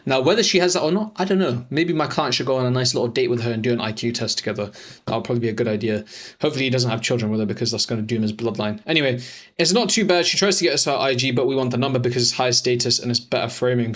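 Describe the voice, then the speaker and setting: A young man rattles through chat screenshots at a quick clip, in a middling-pitched voice. He mocks and swears freely as he explains his dating tactics to viewers. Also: fairly bright tone. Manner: profane, mocking, rapid-fire banter. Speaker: dating coach. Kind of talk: voice-over commentary on chat screenshots.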